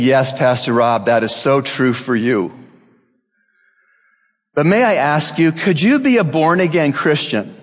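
Pastor guy preaching hard, kinda high voice, big echoey hall, lots of repeated lines. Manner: emphatic, rhythmic repetition, rising to intensity then dropping low. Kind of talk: sermon.

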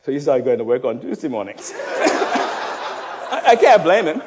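A Bahamian man preaches a sermon in a fairly high voice that rises and falls dramatically. He shouts some passages and drops others to a hush, joking with the congregation along the way. His voice carries a long reverb from the hall. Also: measured pace, slight background noise. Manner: animated, swings from loud shouting to hushed tones, joking with the congregation. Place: church hall.

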